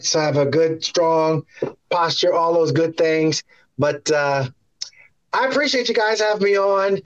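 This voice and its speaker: A man on a remote call chatting casually as a guest analyst, animated and acting out his own reactions. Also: high-pitched, dull audio. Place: standing at a TV studio.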